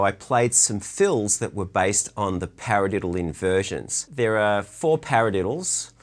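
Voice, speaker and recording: A man giving a relaxed, chatty drum lesson from his drum room, counting beats aloud as he explains stickings. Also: low voice. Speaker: drum teacher.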